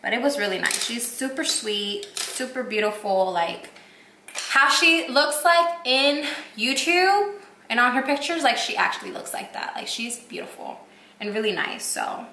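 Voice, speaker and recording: A woman's voice: a little high, animated, unhurried, pushed and bright, a little hiss or hum. A young woman from Puerto Rico telling a rambling, gushing story while doing her makeup, with "like" in every sentence. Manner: gushing, rambling, heavy use of "like". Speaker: beauty vlogger. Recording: echoey room.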